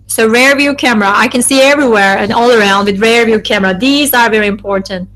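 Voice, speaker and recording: A woman interpreting a focus group live, in a halting delivery full of restarts and self-corrections. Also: fairly high pitch, a bit bright, low-quality recording.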